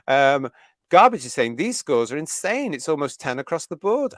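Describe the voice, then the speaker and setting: A man's voice: fairly high pitch, very animated, a little slow, fairly bright tone, dry recording, clean studio sound. Chatty British man hosting a live stream. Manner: chatty and enthusiastic, laughing often. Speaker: host of a fan review livestream. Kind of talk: live stream chat, reading viewer comments.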